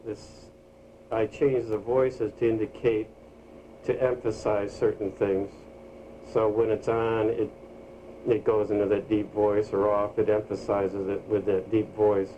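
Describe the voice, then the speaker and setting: A man demonstrating his own screen reader program, explaining it in a halting way with pauses and fillers. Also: lowish voice, level tone, warm tone, slight background noise, rough recording. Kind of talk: casual software demonstration.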